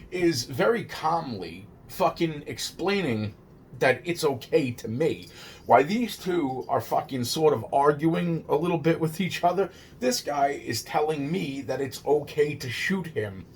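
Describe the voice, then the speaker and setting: Speaking at medium pitch over a little hiss or hum, a man recounts something that really happened to him in a casual, first-person way. He keeps restarting sentences, repeats words, swears nonstop and sounds rattled and incredulous at his own story.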